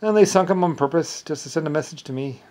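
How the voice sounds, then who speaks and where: A man's voice: a little high, quick pace, darkish tone. A man talking alone in a rambling monologue, meandering, with frequent restarts and trailing asides.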